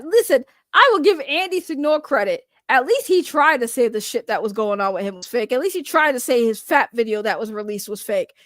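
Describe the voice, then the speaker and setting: A woman's voice: high-pitched, a bit bright, no room sound, clean studio sound. A woman giving heated, profane reaction commentary as a vlogger, repeating her angry points. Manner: heated, profane, repetitive ranting.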